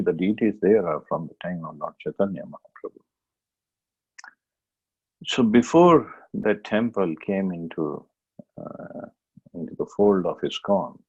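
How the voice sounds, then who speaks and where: A man giving a devotional scripture class, telling a story plainly with many pauses and restarts. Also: on the low side, a little mellow, husky, dull audio.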